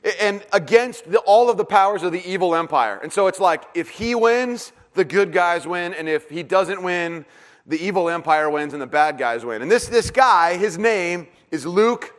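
A man's voice: high-pitched, normal speed, a bit bright. A man preaching a sermon as a pastor, casual and joking, with many fillers and restarts, in a church hall.

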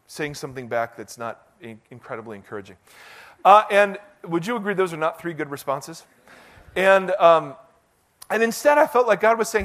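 Male pastor, middle-aged, high voice, casual self-mocking sermon delivery. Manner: conversational, self-deprecating, animated preaching.

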